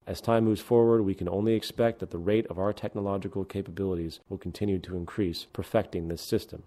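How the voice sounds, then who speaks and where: A man narrates a documentary in a deliberate, explanatory manner. His voice sits somewhat low, with a warm, mellow tone rather than a bright one. He lays out each point steadily, as scripted narration. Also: fairly even intonation.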